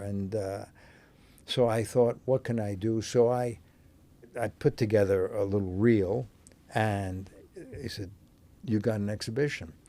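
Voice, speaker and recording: Older American man, deep-ish voice, rambling anecdotal guest, New York roots. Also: mellow. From New York, USA. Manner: rambling, with many fillers and restarts, chuckling. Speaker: interview guest, actor. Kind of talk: casual anecdotal storytelling.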